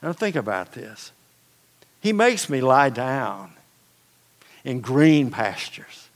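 A man's voice: mid-range voice, very animated, takes it slowly. A man preaching a sermon as pastor, telling stories in a conversational, folksy way with casual asides. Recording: long reverb of a large hall.

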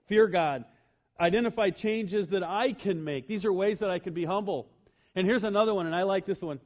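A man preaching a sermon as pastor, telling humorous personal stories and swinging from loud emphasis to quiet, earnest asides. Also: high-pitched, fairly quick.

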